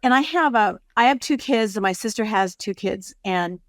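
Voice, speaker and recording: A woman in her sixties, a produce company executive, talking through her career in an unhurried, storytelling way as an interview guest. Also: mid-range voice, lively intonation, dry recording, studio quality. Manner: measured, storytelling. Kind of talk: casual interview conversation.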